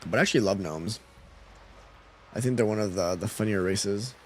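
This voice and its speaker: A man's voice: lowish voice, moderate pace, a little hiss or hum. A man live-streaming a game, chatting casually with his viewers and reading out their messages with a laid-back, chuckling manner. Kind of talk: casual live-stream chat while gaming.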